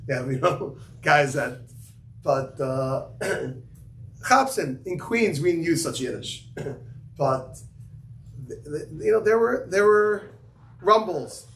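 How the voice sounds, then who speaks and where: A man's voice: fairly high pitch, lively intonation, slow, creaky, long pauses, a bit bright. A man giving a casual yeshiva class to students, telling stories full of fillers and Yiddish and Hebrew terms. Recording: echoey room, faint ambient noise.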